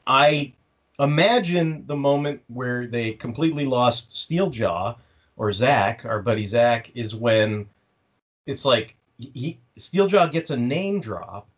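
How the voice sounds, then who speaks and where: A man co-hosts a fan podcast, tearing into the show with sarcastic, profanity-laced rants and snide impressions of the characters. His voice sits at a middling pitch. The recording is a bit dull and lo-fi. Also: expressive, slow pace. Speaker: podcast co-host. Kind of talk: casual fan podcast chat. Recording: slightly dull lo-fi audio.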